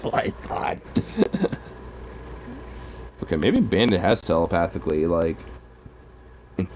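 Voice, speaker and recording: Man, low and slow, murmuring fond pet talk. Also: darkish tone, slight background noise, poor audio. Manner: cooing, doting, drawn-out murmurs.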